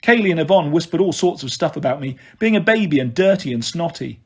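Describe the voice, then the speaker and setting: A man reads a children's novel aloud in a steady first-person voice. His voice is high-pitched for a man. It is breathy and a bit husky. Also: fast. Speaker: storyteller.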